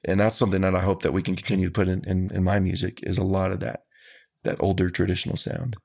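Country singer, low steady gravelly voice, earnest and folksy. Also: male voice, fast talker. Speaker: country musician. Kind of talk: interview answers.

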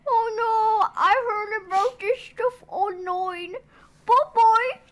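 A woman's voice: extremely high pitch, steady tone, takes it slowly, pitched above the performer's own voice. A woman doing a wobbly British grandma. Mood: bossy. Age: older. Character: fibbing bossy old British grandma.

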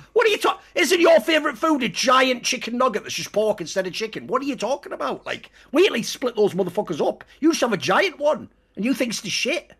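A man's voice: high voice, sing-song, fast talker, creaky, few pauses, pushed and bright, husky. A man co-hosting a casual podcast, mocking and swearing as he banters. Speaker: co-host.

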